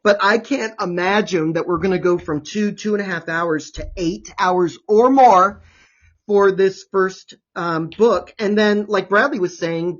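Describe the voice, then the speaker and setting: A man's voice: high voice, a bit bright, lo-fi sound. Gushing enthusiastic male host. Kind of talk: casual chat.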